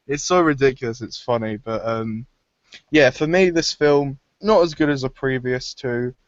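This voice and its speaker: A young man reviewing films in a casual chat, animated, laughing often and acting out lines. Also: medium pitch, normal speed, no echo, highs cut off. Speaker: film reviewer.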